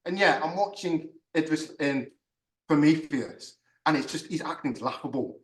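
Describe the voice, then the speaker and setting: A man ranting in a casual podcast chat, swearing often and getting animated. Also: a little high, moderate pace. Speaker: podcast host. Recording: echoey room, far from mic.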